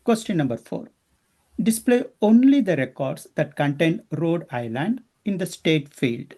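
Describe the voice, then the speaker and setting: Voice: mid-range voice, lively intonation, measured pace, mellow. An instructor teaching a class step by step and often checking in with the students. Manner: explains step by step, often asking the class questions.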